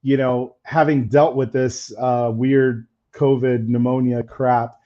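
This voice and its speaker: A man's voice: mid-range voice, flat delivery, slow pace, lo-fi sound. A man hosting a camera-gear live stream, talking in a candid, chatty way, his voice a little faded. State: slightly faded voice. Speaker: camera-gear channel host. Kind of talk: casual live stream chat.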